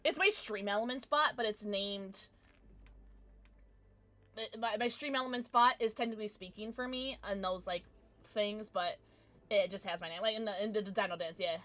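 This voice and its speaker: Her voice is medium in pitch and moderate in pace as this young livestreamer giggles and chats casually with her audience. She shifts from quiet mumbles to loud squeals and back.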